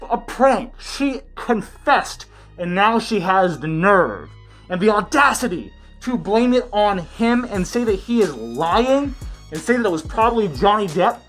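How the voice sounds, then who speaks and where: A woman's voice: mid-range voice, very animated, measured pace, soft background music. Sarcastic woman hosting a profane news vlog. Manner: sarcastic, crude and blunt. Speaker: channel host. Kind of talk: profane comedic news commentary.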